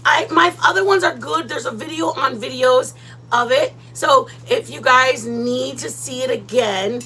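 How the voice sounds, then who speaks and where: Chatty high-voiced woman hosting a cooking stream. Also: measured pace, slight background noise, rough recording. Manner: chatty and playful, greeting viewers by name with loud excited bursts. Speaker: cooking livestream host. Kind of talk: casual cooking livestream chat. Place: home kitchen.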